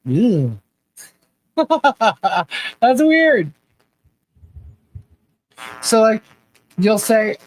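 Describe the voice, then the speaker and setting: A woman's voice: medium pitch, very animated, slow, pauses often, low-quality recording. A woman hosting a casual live chat, laughing often and asking puzzled questions as she reads viewer comments. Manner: laughs often, baffled questions, repeats herself.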